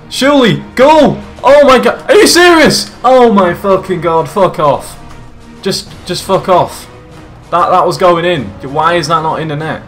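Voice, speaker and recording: A young man casually commentating his own football video game, excitable, swearing and shouting at the game. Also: mid-range voice. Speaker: gaming YouTuber.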